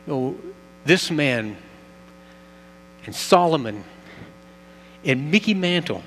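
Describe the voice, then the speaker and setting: A man's voice: a little high, expressive, slow, fairly bright tone. A man preaching a sermon as pastor, telling a story earnestly and building emphasis. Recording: long reverb, faint mains hum.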